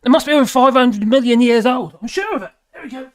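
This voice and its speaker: A woman's voice: a little high, fast. An older woman, hosting a live stream and chatting casually with viewers in a rambling, jokey, cheeky way.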